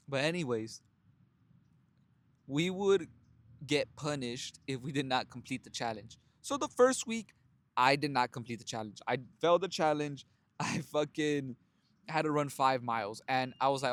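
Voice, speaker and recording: A medium-pitched, measured young man delivers a casual motivational monologue about himself. As a self-help vlogger, he's profane and direct, frequently laughing and addressing listeners as brothers.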